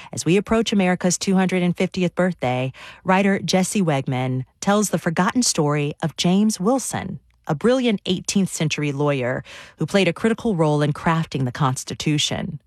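A radio host reading a clear, scripted show outro. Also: mid-range voice, no echo, clean studio sound.

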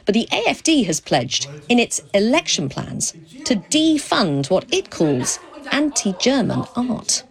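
A woman correspondent delivering a field news report in a clear, lively voice. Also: fairly high pitch, measured pace. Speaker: foreign correspondent. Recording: outdoors with crowd behind.

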